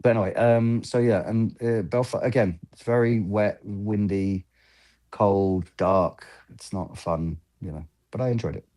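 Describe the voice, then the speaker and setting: A man in his fifties with a deep, dark, mellow voice tells casual, rambling stories from film sets. He keeps slipping into the voices of people he quotes, acting out the back-and-forth. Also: steady tone, a little slow. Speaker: film lighting gaffer, guest. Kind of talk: casual interview storytelling.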